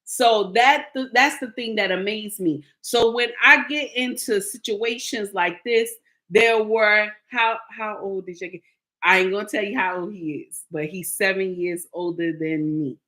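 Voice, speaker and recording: A woman vlogging casual commentary, telling stories in an animated, emphatic way. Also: medium pitch, unhurried.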